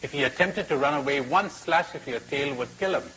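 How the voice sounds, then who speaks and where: Rabbit: clever, brisk, high-pitched ; a man doing the voice. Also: slight background noise, poor audio. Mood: reasoning. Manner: quick, sharp, challenging.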